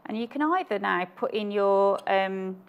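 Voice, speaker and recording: A woman's voice: mid-range voice, lively intonation, normal speed, vocal fry, clean tone, phone-quality sound. A woman guest designer chatting through each step of a live sewing demonstration. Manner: chatty, explains each step as she works.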